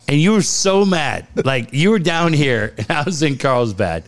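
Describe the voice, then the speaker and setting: A man co-hosting a casual podcast chat, his voice sitting a bit high and swinging widely in pitch. He tells stories animatedly, laughs often and swears freely. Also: animated, a little slow, slight background noise. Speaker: co-host.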